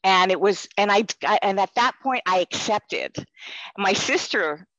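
A woman's voice: medium pitch, expressive, measured pace, a bit bright, no room sound, highs cut off. A woman sharing a personal faith testimony in earnest, rambling storytelling.

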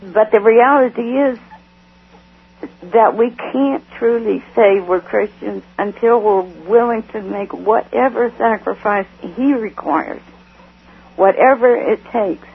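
A middle-aged woman giving a tearful personal testimony, speaking haltingly with many restarts and repeated words. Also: fairly high pitch, creaky, breathy edge. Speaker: guest. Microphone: telephone. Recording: tinny phone line.

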